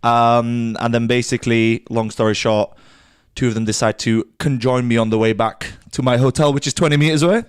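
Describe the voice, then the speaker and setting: A man's voice: medium pitch, steady tone, brisk, clear, resonant tone. Rambling young man telling a story. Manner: rambling, swears freely, stammers on restarts. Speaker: podcast co-host. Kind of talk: casual banter, storytelling.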